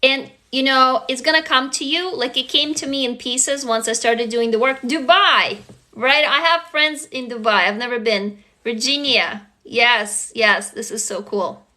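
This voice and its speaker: A woman from Russia hosting a casual live stream, frank and animated, swearing freely and calling out excited shout-outs to viewers, talking into a phone. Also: a little high, a little slow. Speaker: livestream host and writing teacher.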